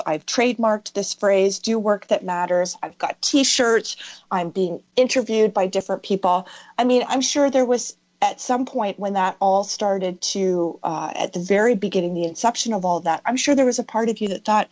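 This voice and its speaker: A woman's voice: medium pitch, normal speed, darkish tone, no echo. Woman mindset coach, emphatic and insistent, dry close sound on a lo-fi recording. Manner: emphatic, repeating key phrases for stress. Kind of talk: motivational coaching conversation. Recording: dull lo-fi audio.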